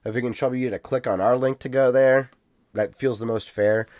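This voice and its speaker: A man's voice: medium pitch, steady tone, brisk, a little mellow, no echo, clean studio sound. A man with an Ohio accent co-hosting a podcast, chatting casually and reading out listener comments. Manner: chatty, reads listener comments aloud, laughs easily. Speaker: podcast co-host.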